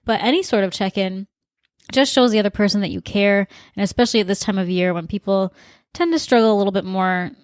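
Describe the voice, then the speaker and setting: A woman's voice: medium pitch, fast, no echo, studio quality. A woman co-hosting a relationship podcast, speaking in a caring, conversational way. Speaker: podcast co-host. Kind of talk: casual advice talk.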